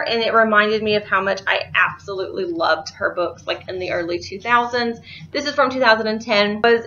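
A woman's voice: a little high, bright, forceful tone, highs cut off. Chatty woman book vlogger. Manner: chatty, rambling, laughs easily. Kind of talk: casual chat.

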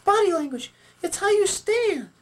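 A man doing a high, bossy girl puppet. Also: lively intonation, moderate pace. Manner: scolding, lecturing. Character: bossy know-it-all female puppet. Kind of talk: puppet skit.

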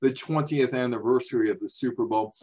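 This man, likely in his sixties and from the New York area, gives a chatty slide-based library talk, telling stories packed with asides and rhetorical questions. His mid-range voice moves fairly quickly, with a dark tone and a breathy edge.

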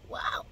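A woman's voice: extremely high pitch, pushed and bright, no echo, low-quality recording. A young woman vlogger in casual chat to camera, slangy and profane, coughing now and then. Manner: chatty, slangy and profane, coughing between hits.

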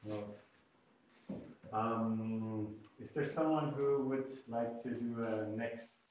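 A man moderating a class reading, hesitant and soft-spoken. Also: mid-range voice, slow, slight background noise. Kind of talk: casual moderating. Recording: echoey, distant and dull.

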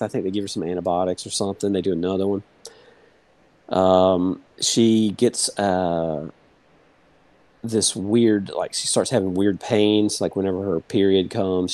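A man's voice: low voice, a little mellow, no room sound. A man in his thirties, a guest in a casual interview, telling a personal story in a rambling way, full of "like" and "you know".

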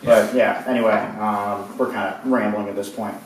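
A man's voice: on the low side, fairly even intonation, normal speed, a little hiss or hum. A man co-hosting a casual group chat, blunt and profane, often rambling. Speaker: co-host. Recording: echoey room, mic at a distance.

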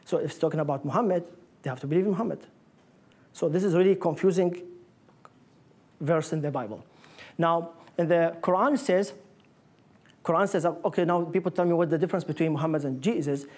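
A man's voice: a little high, brisk, long pauses, a little mellow. A man giving a public lecture with slides, explaining in earnest with non-native phrasing. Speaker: guest lecturer. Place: lecture room.

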